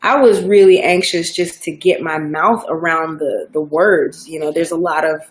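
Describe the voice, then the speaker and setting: Low-voiced Southern woman, chatty. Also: normal speed. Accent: Southern American. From Georgia, US South. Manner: relaxed, chatty, many fillers and restarts. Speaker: actor guest. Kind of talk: casual interview chat.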